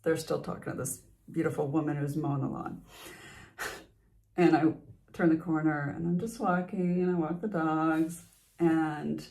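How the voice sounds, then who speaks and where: Middle-aged woman, casual vlog, confiding, sighs and laughs, restarts sentences, slightly low voice. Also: gravelly. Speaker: vlogger.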